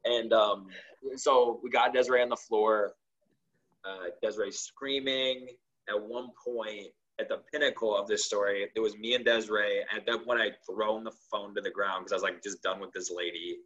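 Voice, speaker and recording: A man's voice: fairly low pitch, steady tone, normal speed, fairly bright tone, muffled recording. A man, a guest on a talk show, animatedly telling a story and acting out the dialogue, with plenty of "like". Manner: acts out quoted dialogue with lots of "like".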